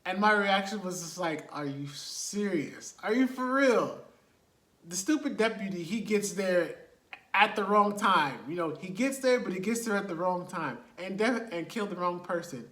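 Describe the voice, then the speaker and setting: A man's voice: high voice, moderate pace, pushed and bright, roomy sound. A man, casually retelling a movie plot with laughs and rhetorical asides. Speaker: movie reviewer.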